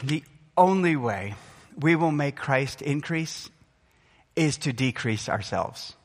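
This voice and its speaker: A man's voice: fairly high pitch, fairly bright tone. A middle-aged man preaching a sermon as pastor, earnest and emphatic, his delivery rising and falling. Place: church sanctuary. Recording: long hall reverb.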